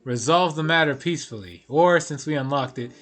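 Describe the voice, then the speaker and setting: A man's voice: fairly high pitch, brisk, a bit bright, faint music behind. A man streaming a story game, reading the narration aloud with offhand asides.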